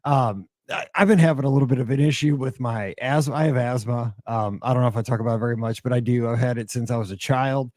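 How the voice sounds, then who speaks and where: Hoarse middle-aged male podcast host, chatty and rambling, dark mellow voice, dry close mic. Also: mid-range voice, quick pace, no room sound. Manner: chatty, rambling, with many fillers and restarts. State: hoarse from a cold and asthma. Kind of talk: solo podcast monologue.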